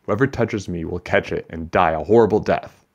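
A man's voice: low-pitched, moderate pace, lo-fi sound. A man voicing a defiant young boy. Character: boy, scared but defiant.

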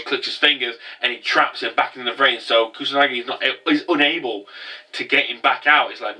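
A young man reviewing an anime episode in a casual, animated, rambling way with many restarts. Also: medium pitch, moderate pace, distant mic, rough recording.

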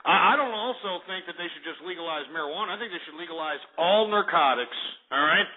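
Man, call-in radio host, high voice, ranting, abrasive, tinny phone-quality audio. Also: expressive, fast. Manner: ranting, insulting, hangs up on callers. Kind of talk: abrasive call-in show hosting.

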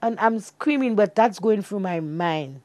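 A woman's voice: mid-range voice, lively intonation, unhurried, a little mellow, no echo. A woman with a Saint Lucian accent giving an emotional interview about losing her husband, in creole-inflected English. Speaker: widow interviewee. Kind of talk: emotional testimony.

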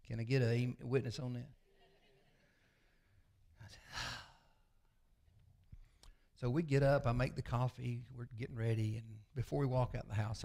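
A man, a pastor preaching a sermon with folksy, confessional storytelling that often sinks to a low murmur. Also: level tone, a little slow, creaky, pauses often, dark tone. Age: 60s.

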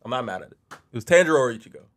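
A man's voice: mid-range voice, animated, very fast, crowd noise. A man co-hosting a podcast in casual chat, playful and repeating his reactions. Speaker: podcast co-host.

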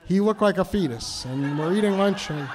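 A man tells a story live on a stage, his voice sitting a little high for a man. He is animated and self-mocking and keeps laughing as he goes. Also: moderate pace, background noise. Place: stage in a cultural center.

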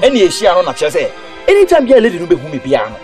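A rapid, high-voiced complainer. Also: male voice, wildly swooping pitch, music in the background. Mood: complaining. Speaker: actor in a film drama. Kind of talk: film drama dialogue.

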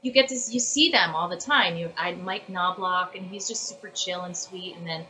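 A woman voice actress chatting casually as an interview guest, animated and full of fillers and restarts. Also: on the low side, normal speed, low-quality recording.

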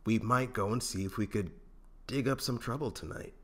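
A man's voice: lowish voice, moderate pace, voice pushed up, natural voice. A man voicing a stubborn, sarcastic middle-aged smuggler in a fan audiobook reading. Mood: restless. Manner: sarcastic, grumbling.

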